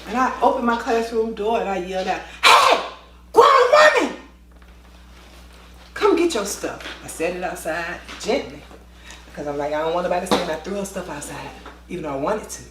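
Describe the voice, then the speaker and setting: A woman telling a school story in a lively vlog style, acting out the voices with quick asides. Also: fairly low pitch, echoey room, background noise. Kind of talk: storytime vlog, animated retelling.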